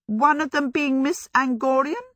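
A woman's voice: sits high, measured pace, a bit bright, dry recording, studio quality, voice pushed up. A woman voicing a blunt, stubborn heroine. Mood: stern. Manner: blunt, insistent.

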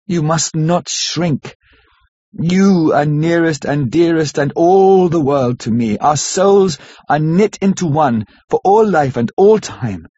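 A man voicing a gentle, devoted young wife in an audiobook, earnest and solemn, with a husky voice. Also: fairly high pitch, lively intonation, takes it slowly, no room sound, pitched above the performer's own voice. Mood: tender. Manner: earnest, pleading, softly solemn. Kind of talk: audiobook character reading. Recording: dull lo-fi audiobook recording.

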